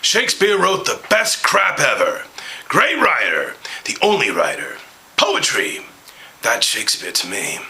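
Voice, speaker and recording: A man voicing a crude, flirtatious aging male movie star in a comedic impression, gravelly, lurching between whispers and shouted outbursts. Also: medium pitch, wildly swooping pitch, a little slow, full character voice, rough recording. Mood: brash.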